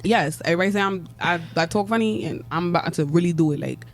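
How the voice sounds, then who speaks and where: A woman's voice: lowish voice, quick pace. Brash young New woman rapper. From New York. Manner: brash, slangy, laughs often, swears freely. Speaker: rapper, interview guest. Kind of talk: casual interview chat.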